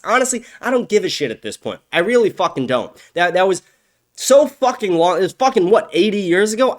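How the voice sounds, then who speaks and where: A young man hosting a solo podcast, ranting angrily and profanely, his voice swinging from raised outbursts to low muttering. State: agitated. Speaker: podcast host. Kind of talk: solo opinion rant.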